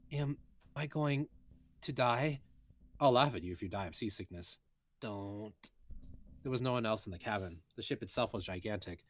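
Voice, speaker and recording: A man's voice: fairly low pitch, no echo. A man, a voice actor, reading a light novel aloud in a casual way, with muttered asides and self-corrections.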